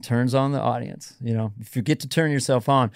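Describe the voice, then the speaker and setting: A man, a guest comedian and impressionist, chatting casually and quickly. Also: mid-range voice, creaky, clean tone, no room sound, studio quality. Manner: chatty, quick, drifts into voices. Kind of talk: casual chat.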